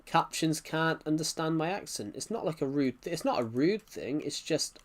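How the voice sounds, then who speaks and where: A man with a thick regional accent, chatting on a live game stream in a rambling, halting way with many restarts. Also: on the high side, expressive. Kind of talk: live-stream chat while gaming.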